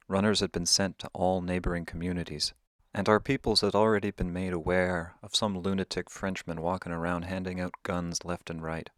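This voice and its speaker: A man's voice: low-pitched, dry recording. A man telling a half-true story in a wry, conversational way. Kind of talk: oral storytelling.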